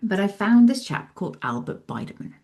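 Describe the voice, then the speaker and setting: A woman's voice: medium pitch, fairly quick. A woman, a psychologist telling her story in an interview and acting out her own past thoughts. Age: 40s. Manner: animated, acts out her own past thoughts in lively asides. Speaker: guest, psychologist and author.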